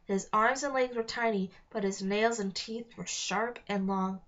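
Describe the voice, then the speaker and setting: A woman's voice: mid-range voice, steady tone, measured pace, a bit bright, muffled recording. Woman reading a children's book aloud. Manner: reads aloud with small slips and restarts. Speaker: reader. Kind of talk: read-along of a children's novel.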